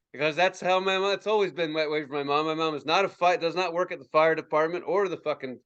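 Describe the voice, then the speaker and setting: Profane, animated man telling a story. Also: fast, hardly any pauses, smooth, dull audio. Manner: profane, animated, acts out quotes in high yelps. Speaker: podcast co-host. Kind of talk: casual storytelling chat.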